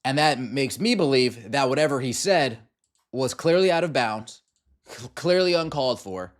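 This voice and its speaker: A man hosting a sports podcast, ranting in exasperated commentary over game clips and firing off repeated rhetorical questions. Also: medium pitch. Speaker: podcast host.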